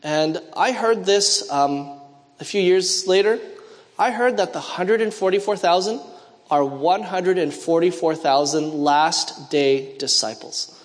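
In a church, a man with a high-pitched voice delivers a sermon, a long hall reverb carrying his words. Speaking a little slowly, he blends personal stories with call-and-response questions he tosses to the congregation to answer.

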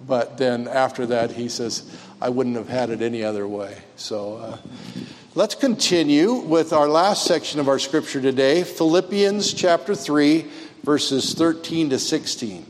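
A man leading a church sermon and inviting the congregation to share, speaking haltingly with many fillers. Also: mid-range voice. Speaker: pastor. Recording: long reverb in a church.

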